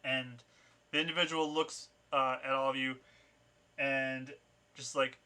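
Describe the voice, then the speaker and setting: A man running a tabletop game as game master, narrating scenes in a loose, chatty way. His voice is very bright and forward. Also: medium pitch, little pitch movement, a little slow, clear, resonant tone. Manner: loose, conversational narration with fillers.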